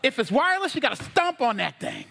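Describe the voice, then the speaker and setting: Animated high-voiced pastor preaching. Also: male voice, fast, vocal fry. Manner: animated, folksy preaching with jokes and asides to the congregation. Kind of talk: sermon.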